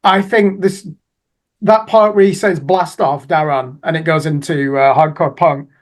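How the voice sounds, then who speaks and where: A man's voice: on the high side, a little slow. A man chatting as co-host of a music review show, rambling and self-deprecating. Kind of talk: casual music review chat.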